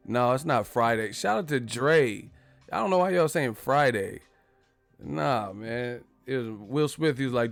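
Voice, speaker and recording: A man's voice: mid-range voice, animated, unhurried, vocal fry, fairly bright tone, no echo, faint music behind. A man hosting a casual boxing live stream, talking loosely and profanely and reading out viewer messages. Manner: laid-back, profane, reads viewer messages.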